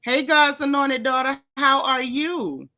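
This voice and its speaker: Lady doing a live stream, bright highish voice, swoops up and down greeting folks. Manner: lively, swooping pitch, drawn-out greetings. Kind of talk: casual live-stream chat greeting viewers.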